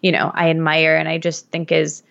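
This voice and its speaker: A woman's voice: deep voice, completely flat delivery, moderate pace, vocal fry, a bit bright. Chatty woman in her thirties from Michigan, rambling storyteller voice, podcast guest, slightly muffled sound. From Michigan, USA. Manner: chatty, storytelling with many fillers. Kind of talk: casual podcast conversation.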